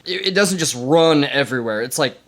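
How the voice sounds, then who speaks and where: A man's voice: fairly high pitch, lively intonation, a little fast, a bit bright. Young man, podcast co-host, casual history chat, loose and joking. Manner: explains facts with loose asides and swearing.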